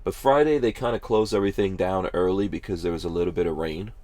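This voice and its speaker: A man's voice: deep voice, quick pace, darkish tone, dry recording. A man hosting a podcast in casual chat, rambling along with lots of hedges and restarts. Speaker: podcast host.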